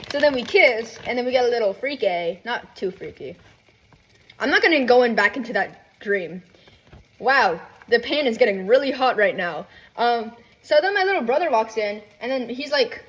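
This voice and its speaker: A woman's voice: a little high, expressive, fairly quick. A young woman ranting casually while cooking at home, rambling with lots of fillers, asides and swearing. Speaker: vlogger. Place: home kitchen.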